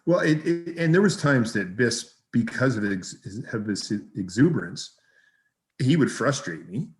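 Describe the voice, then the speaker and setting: A man, a hockey coach, telling lively anecdotes as a podcast guest and swearing freely. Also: medium pitch, measured pace. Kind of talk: casual storytelling.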